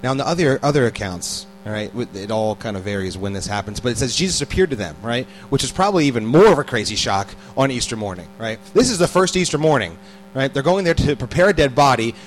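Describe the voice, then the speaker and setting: A man's voice: mid-range voice, lively intonation, fast, soft background music, rough recording. A man and parent giving a casual, conversational sermon, often repeating words and putting questions to his listeners. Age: adult parent. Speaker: preacher.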